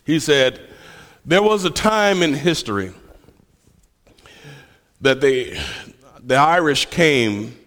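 A man's voice: fairly high pitch, expressive, slow, pauses often, fairly bright tone. Preacher, man, telling stories with a self-mocking humor; long hall reverb around him. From Memphis, USA. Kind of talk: sermon.

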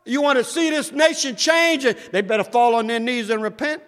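A man preaching a sermon, shouting at times and swinging between loud and soft. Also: a little fast. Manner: preaching with shouts and wide swings in pitch and loudness. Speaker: pastor. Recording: echoey hall.

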